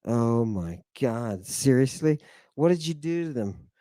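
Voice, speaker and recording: A man lecturing his congregation in a theatrical way, swinging between loud outbursts and low mutters. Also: animated, measured pace, no echo. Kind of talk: animated lecture with asides.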